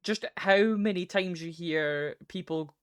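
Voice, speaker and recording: A woman hosting a talk show in casual chat, agreeable and animated, laughing along with her guest. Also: on the low side, measured pace, clean tone, dry recording, clean studio sound.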